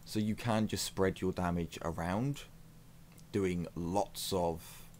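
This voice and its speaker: A man's voice: sits low, steady tone, takes it slowly, a little mellow, a little hiss or hum. A man giving casual, self-mocking commentary as he plays a strategy game on his channel. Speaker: gaming YouTuber.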